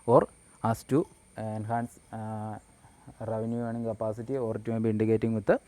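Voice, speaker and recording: A man with a Kerala English accent giving an explanatory lecture. He talks haltingly, with frequent pauses and restarts. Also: on the low side, little pitch movement, warm tone.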